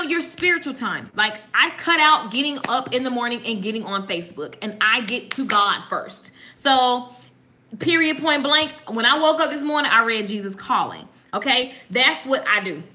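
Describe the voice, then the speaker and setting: Bright, lively woman with a sassy drawl. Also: high-pitched, normal speed. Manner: sassy, animated, laughs often. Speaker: host. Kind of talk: casual chat.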